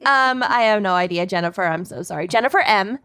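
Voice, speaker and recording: A woman's voice: medium pitch, animated, fast talker, pushed and bright, clean tone. A woman co-hosting a podcast in casual, jokey chat, cursing freely. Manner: upbeat, jokey, swears freely. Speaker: podcast co-host.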